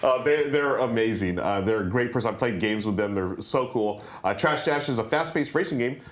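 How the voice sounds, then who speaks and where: A male host chatting casually about tabletop games. His pitch moves a lot, and he speaks in an animated way with plenty of "uh"s and "um"s. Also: a little fast. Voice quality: animated, chatty with many fillers. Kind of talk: casual chat.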